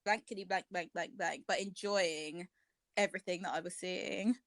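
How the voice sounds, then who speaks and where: A woman's voice: on the low side, steady tone, moderate pace, no echo. Woman, podcast co-host, casual chat, theatrical and gushing, dry close sound. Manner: gushing and theatrical, with gasps and cackles.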